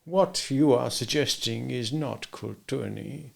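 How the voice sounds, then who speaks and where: A man voicing a shy, teasing young Russian woman who speaks softly and slowly in an audiobook. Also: mid-range voice, gravelly. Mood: coy.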